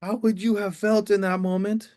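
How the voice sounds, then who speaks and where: A middle-aged man, a motivational speaker, telling an animated story on stage and speaking straight to a live audience. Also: high voice, moderate pace. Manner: animated, addresses the audience directly.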